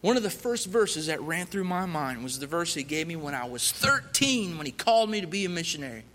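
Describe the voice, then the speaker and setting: A man's voice: a little high, big pitch swings, a little fast, sharp tone. Earnest male missionary in a reverberant hall. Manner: earnest, rising fervently when reciting scripture. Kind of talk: personal testimony storytelling.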